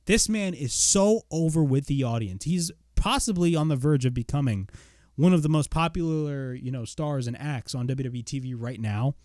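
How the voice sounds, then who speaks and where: A young man giving a casual spoken wrestling review, blunt and excitable, swearing freely. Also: on the high side, normal speed, dry recording, studio quality.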